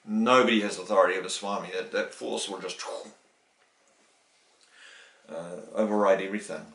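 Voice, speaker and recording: A middle-aged man from New Zealand in a casual interview, telling a story and acting out the quoted voices with lively emphasis. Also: low voice, quick pace, slight background noise. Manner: animated, acts out quoted dialogue, many restarts. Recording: roomy, distant from the mic.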